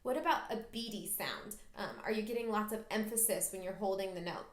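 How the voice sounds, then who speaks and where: A woman's voice: medium pitch, fairly quick, over loud music. A woman flute teacher talks the listener through practice step by step. Her tone is patient and encouraging. The room around her rings with echo. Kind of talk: instructional music lesson.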